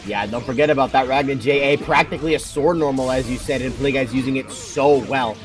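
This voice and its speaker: A man's voice: mid-range voice, fairly quick, soft background music. A man commentating a fighting game tournament, breaking down plays with dry jokes, his voice a bit worn out. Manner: analytical, joking. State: tired voice.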